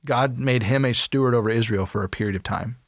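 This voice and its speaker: A man's voice: mid-range voice, fast, dry recording. Man laughing through a dry-miked chat. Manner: joking, laughs often, repeats words for effect. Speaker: podcast co-host. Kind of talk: casual Bible discussion.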